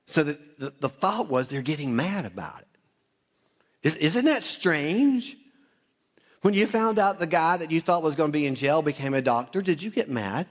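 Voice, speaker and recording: A male pastor preaching a sermon, telling the story with lively asides and acting out the townspeople's voices. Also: on the high side, moderate pace. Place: church auditorium.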